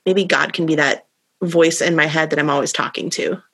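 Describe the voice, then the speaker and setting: A woman's voice: low-pitched, fairly even intonation, brisk, fairly bright tone, husky. A woman co-hosting a faith podcast, chatting casually and rambling as she searches aloud for the right words. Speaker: podcast co-host.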